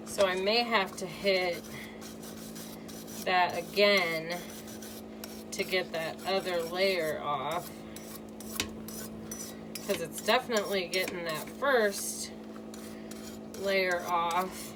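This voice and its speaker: With a fairly low voice, a slow delivery, and long pauses, a Midwestern DIY crafter walks her viewers through a restoration project in relaxed how-to fashion. She has a Midwestern American accent, and the recording is distant with audible room noise.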